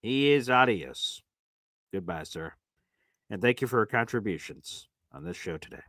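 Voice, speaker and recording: A man's voice: medium pitch, animated, normal speed, fairly bright tone, no echo, studio quality. A man hosting a casual sports livestream, hyped up and calling his viewers "baby" as he reads off gifts. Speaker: livestream host.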